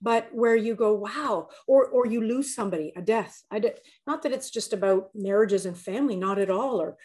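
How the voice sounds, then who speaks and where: A woman's voice: medium pitch, normal speed, darkish tone. A woman coach talking as a podcast guest, telling personal stories in an earnest, candid way and often repeating words as she thinks aloud. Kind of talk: candid conversational storytelling.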